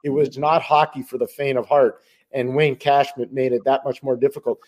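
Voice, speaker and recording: A middle-aged man co-hosting a hockey podcast, talking in a measured, emphatic way and answering his own rhetorical questions. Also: mid-range voice, flat delivery, darkish tone. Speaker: hockey analyst co-host. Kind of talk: casual sports talk.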